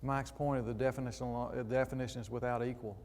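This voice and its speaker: A man preaches in a church auditorium, reading scripture aloud and drifting into chatty, conversational asides. His voice sits at an ordinary pitch, and a long reverb from the hall trails behind every phrase. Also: steady tone, quick pace, a little mellow, a little hiss or hum.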